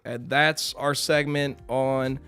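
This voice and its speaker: A man streaming live, giving mocking, animated commentary on videos and swearing freely. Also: mid-range voice, slow, soft background music.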